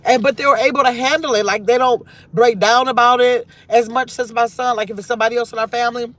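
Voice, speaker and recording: High-voiced grandmother musing to her viewers. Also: steady tone, quick pace, fairly bright tone. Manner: rambling, reflective, reads viewer comments aloud. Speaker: livestream host. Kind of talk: casual live chat with viewers.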